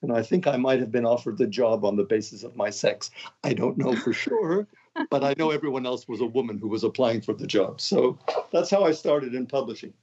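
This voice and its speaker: An older man from Montreal talks through his career in a relaxed interview, dropping dry, self-deprecating jokes along the way. His voice sits at an ordinary pitch, and the recording sounds a little dull and lo-fi. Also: brisk, breathy edge. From Canada, Montreal. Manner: wry, joking, self-deprecating. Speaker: author and guest. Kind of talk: casual interview talk. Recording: dull lo-fi audio.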